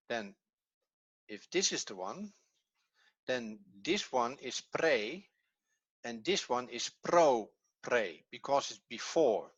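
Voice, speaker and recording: A man's voice: medium pitch, a bit bright, highs cut off. A man with a Dutch accent, a native Dutch speaker teaching a language lesson in English, patiently repeating key words as he explains. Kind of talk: classroom lesson.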